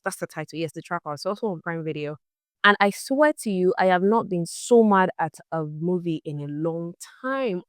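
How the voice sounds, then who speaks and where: A woman's voice: lowish voice, clear, resonant tone, dry recording, studio quality. A young woman talking casually to her camera in a vlog, chatty and exasperated as she tells a story. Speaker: vlogger.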